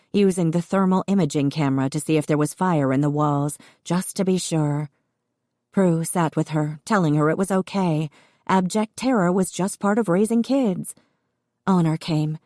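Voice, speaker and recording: A woman narrating an audiobook in a steady, expressive reading. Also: low voice, no echo, studio quality. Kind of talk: scripted narration.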